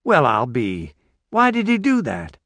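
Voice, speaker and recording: A man's voice: mid-range voice, wildly swooping pitch, measured pace, fairly bright tone, no room sound, voice pushed up, heavily acted. A man voicing an adult male reporter who asks friendly, offhand questions. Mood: casual.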